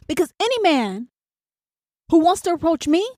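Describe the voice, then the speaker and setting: A woman's voice: high voice, big pitch swings, normal speed, a little mellow, no room sound, clean studio sound. A woman hosting a solo podcast, talking bluntly and profanely and hammering her points home with "do you understand?". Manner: acts out an inner angel and demon in quoted voices. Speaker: podcast host.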